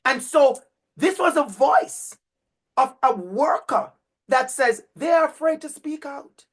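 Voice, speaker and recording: A man with a Jamaican accent lectures a university cohort of future teachers, hammering points home with emphatic, preacher-like repetition. His voice is very high and slow, with lively intonation.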